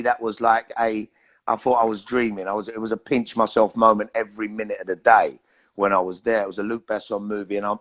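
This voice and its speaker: A middle-aged man with a London accent, an actor telling animated anecdotes in a casual interview and swearing freely. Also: fairly low pitch. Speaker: actor and guest.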